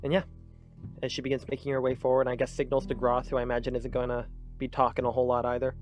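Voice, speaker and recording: A man's voice: medium pitch, completely flat delivery, quick pace, soft background music. A man narrating a tabletop game as game master, in a loose, filler-heavy way.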